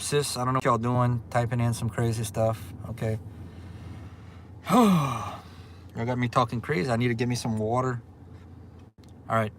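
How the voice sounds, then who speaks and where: A man from Louisiana with a Southern accent, chatting casually on a livestream and reading out viewer comments in a relaxed, drawling way. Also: mid-range voice, slight background noise. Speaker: livestream host.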